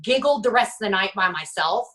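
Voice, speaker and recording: A woman in her forties speaks candidly as an interview guest, her voice bright and forceful. She stops and restarts often, then livens up to act out the lines of people in her stories. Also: medium pitch, low-quality recording. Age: 40s. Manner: halting, many restarts, lively quoting of others. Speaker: guest author.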